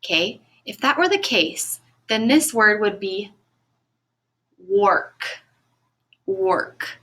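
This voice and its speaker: A woman teaching a recorded phonics lesson to children, speaking clearly and encouragingly and stretching out the sounds of words. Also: medium pitch, big pitch swings, pushed and bright. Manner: slow, clear, encouraging classroom delivery.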